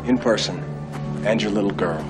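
An actor playing a calm federal agent in a film clip. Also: male voice, fairly low pitch, moderate pace, natural voice. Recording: film clip over music score.

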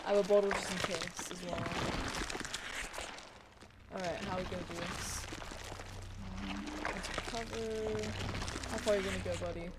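A woman's voice: fairly low pitch, fairly even intonation, normal speed, long pauses, very noisy. Woman muttering through a game stream. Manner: thinks aloud, mutters, swears casually. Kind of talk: live gameplay commentary.

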